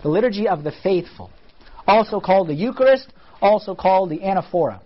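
A man's voice: high-pitched, animated, fairly quick, highs cut off. A man teaching a church class on the liturgy in a casual, conversational way, often asking his listeners questions.

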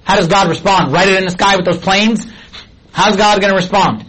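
A man's voice: high voice, steady tone, brisk, a bit bright, husky, poor audio. A middle-aged man preaching a sermon as a pastor, talking in a conversational way and asking many questions of his listeners.

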